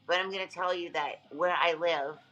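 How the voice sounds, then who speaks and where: A woman's voice: lowish voice, steady tone, moderate pace, a bit bright, muffled recording, soft background music. A woman hosting a livestream, talking back to her chat in an emphatic, repetitive way while exhausted. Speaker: livestream host. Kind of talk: casual livestream talk to chat.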